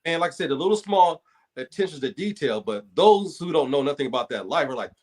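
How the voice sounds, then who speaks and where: A man's voice: on the high side, lively intonation, quick pace, darkish tone. A man on a movie review panel explaining his points thoughtfully and acting out brief quotes. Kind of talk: casual chat.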